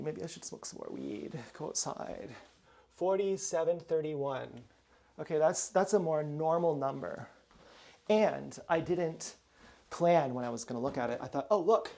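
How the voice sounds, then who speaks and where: A man's voice: a little high, a little slow, gravelly, pauses often, warm tone. A man rambling in a casual, profane monologue from home, drifting between topics and muttering asides. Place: at home indoors.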